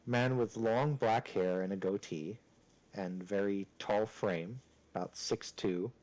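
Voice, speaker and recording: A man acting as game master, narrating a tabletop session in a loose, conversational way. His voice sits a little low, and he fills his narration with casual filler words. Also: steady tone, slow pace, a little mellow, rough recording. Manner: casual, chatty narration full of "kinda" and "like".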